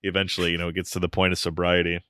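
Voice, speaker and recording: A man's voice: low voice, completely flat delivery, very fast, sharp tone, clean tone, no room sound, clean studio sound. A man co-hosting a podcast, recapping a film plot in a wry, joking way. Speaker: podcast co-host. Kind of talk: casual film discussion.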